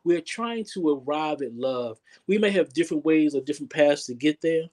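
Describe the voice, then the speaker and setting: A man with a slightly high, slightly mellow voice speaks at normal speed as an interview guest in a casual conversation. A relationship coach by profession, he talks earnestly and frequently repeats words as he thinks.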